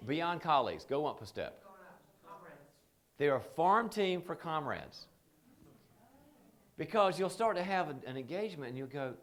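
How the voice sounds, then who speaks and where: A man leading a leadership training seminar, telling animated stories and acting out the people he quotes. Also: on the high side, measured pace, long pauses. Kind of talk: seminar talk.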